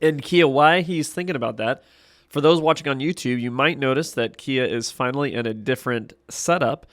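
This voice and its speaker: A man hosts a casual gaming podcast from a green screen studio, and the sound is close and dry. His voice sits at a middle pitch. He teases his co-host and fires off quick questions. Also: fairly bright tone, no room sound. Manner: teasing, jokey, quick questions. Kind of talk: casual chat.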